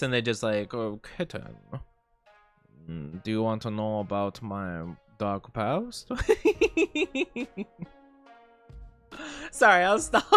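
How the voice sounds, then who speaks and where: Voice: mid-range voice, bright, forceful tone, smooth. A VTuber streamer in a casual, playful livestream chat, greeting viewers and rambling with giggles and fillers.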